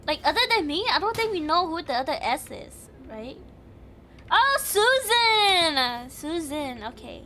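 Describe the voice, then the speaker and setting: A woman's voice: sits high, moderate pace, few pauses, bright, forceful tone, slight background noise. A young woman streaming a game, thinking aloud in casual chat, giggly and chatty. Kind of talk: casual live game commentary.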